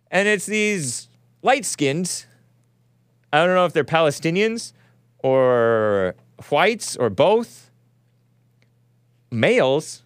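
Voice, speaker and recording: A man's voice: high voice, sing-song, takes it slowly, long pauses, no room sound, clean studio sound. A male host giving rambling, wry live-stream commentary on footage, often chuckling to himself.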